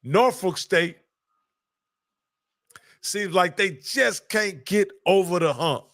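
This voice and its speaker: A man hosting a casual sports picks chat, folksy and relaxed, calling his partner "Coach" again and again. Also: high voice, takes it slowly. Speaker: host.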